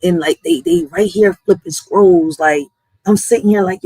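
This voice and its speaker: A woman hosting a livestream, venting in a blunt, profane, animated way. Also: fairly low pitch, moderate pace, breathy edge, no echo, low-quality recording. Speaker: livestream host. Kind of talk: casual livestream rant.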